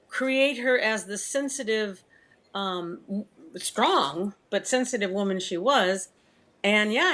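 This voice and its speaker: An older woman talking as a guest in a relaxed chat, lively and quick to laugh as she tells stories. Her voice is bright and forceful, sitting at a middle pitch. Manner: lively storyteller, laughs often. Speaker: guest, singer and actress. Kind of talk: casual video-call chat.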